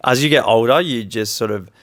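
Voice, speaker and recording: A man's voice: medium pitch, a little fast, a bit bright, dry recording. A man, co-hosting a podcast in easygoing, rambling casual chat. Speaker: podcast co-host.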